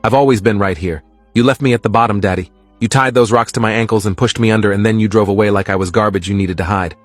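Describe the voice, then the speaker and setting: A man voicing the ghost of a drowned girl, speaking low, quiet and reproachfully in a read horror story. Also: fairly even intonation, fast, no echo, faint music behind, lightly acted. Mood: accusing.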